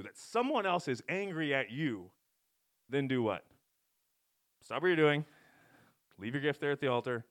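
A man delivers a casual sermon in a conversational, off-the-cuff way. He rambles, interrupts himself and adds wry, animated asides. His voice sits in an ordinary middle pitch. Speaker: pastor.

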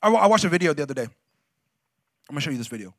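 A man preaching a sermon as a pastor, in a conversational, emphatic way with lots of "like", rising at times to shouts. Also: on the high side, very animated, very fast, dry recording, clean studio sound. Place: church.

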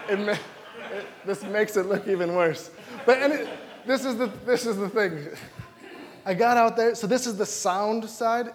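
Young male preacher from Wisconsin, high-pitched, animated storyteller, long reverb of a church hall. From Wisconsin, United States. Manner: animated storytelling, acts out his own quoted lines. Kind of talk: sermon with personal stories.

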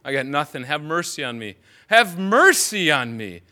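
A man voicing a desperate blind male beggar who cries out and pleads loudly. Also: a little high, big pitch swings, normal speed, heavily acted. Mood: crying out.

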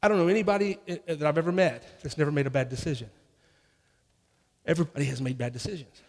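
A man's voice: a little high, fast, a little mellow, in a large hall. A man pastor preaching a sermon in a conversational way, often restarting and acting out people's inner voices.

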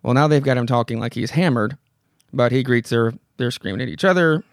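A man's voice: medium pitch, brisk, gravelly, dry recording, clean studio sound. A man hosting a podcast, casually retelling a horror comic with loose fillers from his home mic. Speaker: podcast host.

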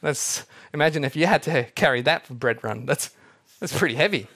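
Young guy preaching, kinda high voice, acts out all the characters as he tells it. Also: brisk. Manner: animated storytelling, acting out quoted characters. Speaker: pastor. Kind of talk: sermon.

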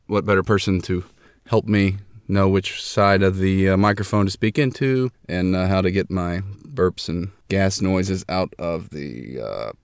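A man's voice: low voice, measured pace, creaky, smooth, no echo, studio quality. A young man hosting a homemade comedy podcast from a closet, rambling in a mock-grandiose way with lots of fillers. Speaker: podcast host.

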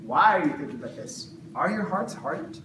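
A man's voice: a little high, sing-song, a little fast. A man teaching the Bible to a small group in casual, jokey talk, acting out voices of the disciples. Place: room with a live group. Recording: echoey room, distant mic, noisy background.

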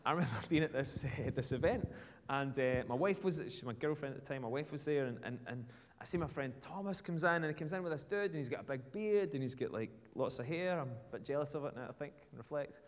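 A man's voice: mid-range voice, expressive, a little fast. A man with a British accent preaching a sermon in a church, in a conversational, storytelling way with casual fillers. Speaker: pastor. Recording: long reverb from a large hall.

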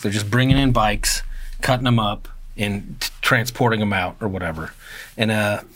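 A man telling a long story in casual chat, loose and profane, and livelier when he acts out other people's lines. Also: on the low side. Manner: casual, swearing, animated when quoting others.

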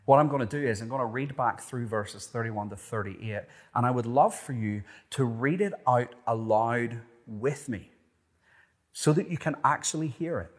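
A man with an Irish accent preaching a sermon as pastor, earnest and emphatic, swinging between forceful rises and hushed, quiet passages. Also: medium pitch, normal speed.

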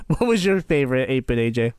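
A man co-hosting a podcast in casual chat, telling trip stories excitedly and laughing often. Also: mid-range voice, normal speed, clean tone, dry recording. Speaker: podcast co-host.

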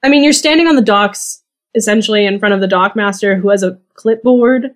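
A woman's voice: mid-range voice, fairly quick. A woman narrating a tabletop game as game master, casual and easygoing, lightly voicing the characters she describes. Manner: casual, laughs easily, voices NPCs lightly.

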